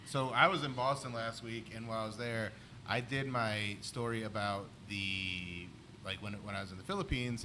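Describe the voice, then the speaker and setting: Bright-voiced man telling rambling stories. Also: medium pitch, a little hiss or hum. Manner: rambling anecdotes full of "like". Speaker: comedian podcast co-host. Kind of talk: casual chat, storytelling.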